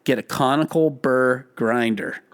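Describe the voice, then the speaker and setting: A man co-hosting a podcast, talking in casual banter, emphatic and quick to laugh. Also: mid-range voice, smooth. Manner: animated and emphatic, laughs often. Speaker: podcast co-host.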